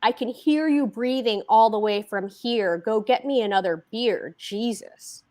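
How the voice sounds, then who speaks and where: A man's voice: high voice, a little slow, darkish tone. A woman reading aloud, voicing a crude, abusive man who curses his wife with contempt. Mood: contemptuous. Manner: cursing, contemptuous. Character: crude, abusive, beer-drinking husband, man.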